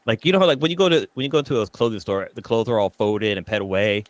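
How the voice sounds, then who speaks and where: A man's voice: lowish voice, fast talker, no room sound. A man co-hosting a casual podcast chat, rambling with lots of fillers as he explains things. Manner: rambling, filler-heavy storytelling. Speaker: podcast co-host.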